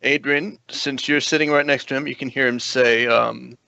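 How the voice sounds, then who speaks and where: A man runs a tabletop game in a relaxed, easygoing way. His voice has a gravelly edge, recorded dry on a dull, lo-fi mic. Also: mid-range voice, normal speed, few pauses, no room sound. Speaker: dungeon master. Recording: dull lo-fi dry stream audio.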